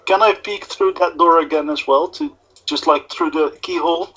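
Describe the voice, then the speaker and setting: A man's voice: on the high side, moderate pace, sharp tone, breathy edge, poor audio. A man playing a tabletop game, hesitant and stumbling into restarts. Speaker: player. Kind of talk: casual tabletop game chat.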